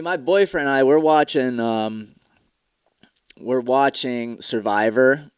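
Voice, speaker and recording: A man's voice: mid-range voice, no room sound. Profane, rambling man on a dry mic. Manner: candid, profane, rambling with mock commercial voices. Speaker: podcast host. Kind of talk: casual solo podcast talk.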